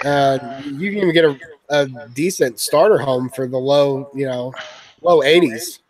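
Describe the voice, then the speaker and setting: A man's voice: mid-range voice, unhurried, low-quality recording. A man from the Louisville area hosting a casual stream chat, blunt and swearing freely. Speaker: stream host.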